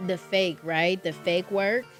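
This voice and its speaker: A young woman in her twenties, a guest in casual chat, telling animated stories with laughter and swearing. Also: on the low side, slow pace, faint music behind.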